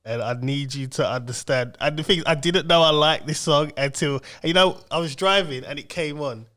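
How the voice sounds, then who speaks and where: A man's voice: a little high, normal speed, pushed and bright. A man co-hosting a podcast in casual chat, laughing often and singing along. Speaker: podcast co-host.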